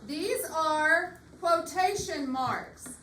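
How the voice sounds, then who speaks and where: A woman teacher leading a reading lesson in a classroom, patient and slow, repeating her questions. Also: very high voice, sharp tone. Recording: echoey classroom, far mic, faint hiss.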